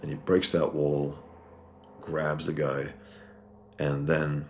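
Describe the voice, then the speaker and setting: A man's voice: very deep voice, little pitch movement, slow, vocal fry. A man reviewing a comic book in casual video chat, blunt and opinionated, with lots of ums.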